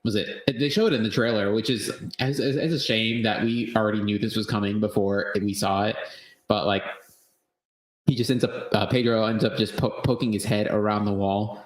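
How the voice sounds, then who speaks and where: Male podcast co-host, low-ish voice, rambling casual delivery, echoey room sound. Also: fairly even intonation, moderate pace. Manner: rambling, full of fillers and restarts; swears freely. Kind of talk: casual movie-review chat.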